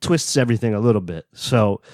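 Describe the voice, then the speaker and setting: A man's voice: fairly low pitch, animated, a little fast, a little mellow, no room sound, clean studio sound. A man co-hosting a podcast in casual chat, laid-back, swearing now and then and acting out quotes. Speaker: podcast co-host.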